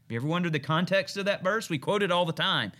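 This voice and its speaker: A man leads a midweek Bible study as pastor, preaching in a folksy, emphatic way. His voice is bright and forceful, and he swells and then drops back as he drives each point home. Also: high-pitched, fast. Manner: folksy, emphatic preaching with rising and falling intensity.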